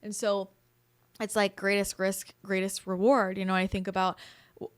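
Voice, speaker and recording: A woman's voice: mid-range voice, flat delivery, normal speed. A woman hosting a podcast as a spiritual channel, talking candidly in casual conversation and swearing now and then.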